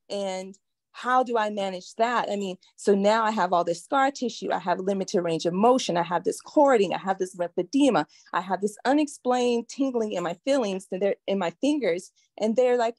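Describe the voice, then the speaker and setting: A woman in her forties sharing her experience on a video call, speaking earnestly and getting emotional, with halting pauses. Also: mid-range voice, darkish tone, dry recording. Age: 40s. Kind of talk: emotional personal testimony.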